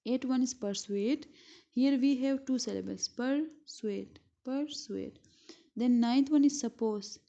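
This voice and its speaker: A woman teacher from Pakistan giving a school lesson, speaking slowly and repeating words syllable by syllable. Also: high voice, vocal fry, dark tone. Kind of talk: recorded classroom lesson. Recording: dull lo-fi recording.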